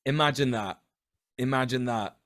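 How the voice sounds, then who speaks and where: A man's voice: medium pitch, moderate pace, a bit bright. A British man co-hosting a live-streamed podcast, chatting in a playful, rambling way and swearing casually. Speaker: podcast co-host. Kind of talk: casual chat on a livestream.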